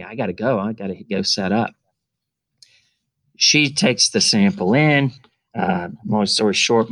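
A middle-aged man with a low, gravelly voice tells a story as a podcast guest. He talks casually and animatedly, acting out the voices of the people in it. The sound is dry and close, with no room echo. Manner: animated, acts out quoted dialogue.

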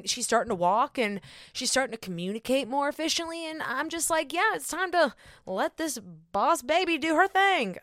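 A woman's voice: mid-range voice, fairly bright tone, clear, resonant tone, dry recording. Casting: woman, early 30s, bubbly podcast host, laughs a lot, dry close sound. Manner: bubbly, laughs often, self-teasing. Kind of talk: casual solo podcast chat.

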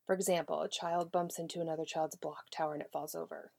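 A woman's voice: sits low, flat delivery, quick pace, creaky, hardly any pauses, a little mellow, dry recording, studio quality. A woman early childhood educator giving an instructional talk to caregivers, speaking emphatically, repeating key words and addressing the listener directly.

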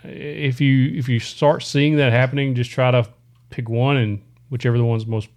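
A relaxed middle-aged man co-hosting a live stream. He reads out viewer questions in a plain, mid-pitched voice and answers them with easygoing, practical advice, chuckling now and then. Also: normal speed.

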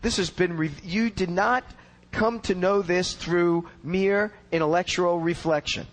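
A man's voice: high voice, steady tone, a little slow, low-quality recording. A man giving an expository Bible teaching in an earnest, explanatory way, leaning on key words for emphasis.

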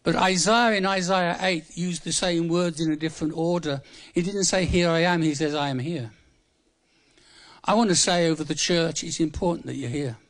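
High-voiced man of seventy-five preaching. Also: moderate pace. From England. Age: 70s. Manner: humorous, conversational, repeats words for emphasis. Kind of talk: sermon. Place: church.

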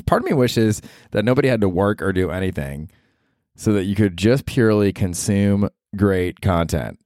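Low-voiced profane young man podcasting. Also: dark tone, dry recording, clean studio sound. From United States. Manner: rambling, profane, self-deprecating, laughs often. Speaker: podcast host. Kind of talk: casual solo podcast monologue. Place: small apartment.

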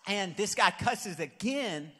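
A young pastor tells funny stories from the pulpit, then builds up to shouted calls to his listeners. His voice sits high and bright. It rings with the long echo of a big church hall. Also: slow, husky. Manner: animated, jokey, builds to shouted exhortation. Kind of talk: sermon with storytelling. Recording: long reverb of a large hall.

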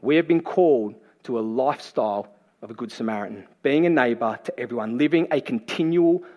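A man preaching a sermon, telling the story in a lively, playful way and acting out the people in it. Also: mid-range voice, brisk, highs cut off. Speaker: pastor.

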